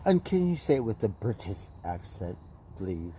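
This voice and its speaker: A man's voice: on the low side, very animated, normal speed, warm tone, a little hiss or hum, low-quality recording. A man hosting a casual livestream, rambling playfully and tagging his lines with "right?". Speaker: livestream host. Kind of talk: casual live-stream chat.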